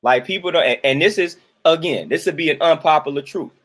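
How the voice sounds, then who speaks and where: Guy w aave ranting his take, repeats himself a lot, kinda high voice. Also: fairly quick, fairly bright tone. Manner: repetitive, preachy, emphatic. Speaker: commentator. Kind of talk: casual opinion monologue.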